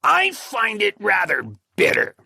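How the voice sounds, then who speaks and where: A woman voicing a grumpy, hairy old husband who complains gruffly, as if his mouth were full. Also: mid-range voice, huge pitch swings, unhurried, sharp tone, no echo, clean studio sound, full character voice. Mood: grumbling. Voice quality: gravelly, squashed.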